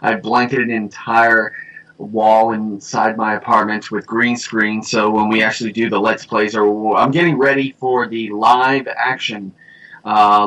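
A man talks in a loose, rambling way, full of fillers and restarts, as he hosts a casual podcast chat. His voice is bright and forward with a husky edge. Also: fairly low pitch, poor audio. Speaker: podcast host.

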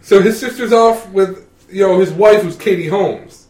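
High-voiced man retelling a film, laughing. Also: moderate pace. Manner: animated, laughs through his retelling. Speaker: friend recapping a film. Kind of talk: casual chat. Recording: roomy sound from a distant mic.

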